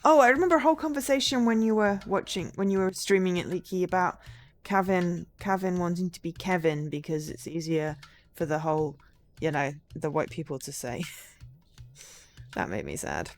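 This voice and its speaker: A woman chatting casually while streaming a game, animated and self-interrupting. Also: lowish voice, moderate pace. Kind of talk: casual gameplay commentary. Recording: faint music behind.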